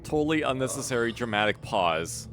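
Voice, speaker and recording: A man's voice: medium pitch, brisk. A young man streaming a video game, chatting casually, swearing and laughing easily. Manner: animated, profane, laughs easily. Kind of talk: casual gameplay commentary. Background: game music.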